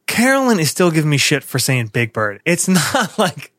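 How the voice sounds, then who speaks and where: A man's voice: on the high side, very animated, moderate pace, fairly bright tone, dry recording, clean studio sound. A man co-hosting a podcast, teasing his partner in casual chat and reading out listener questions. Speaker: podcast co-host.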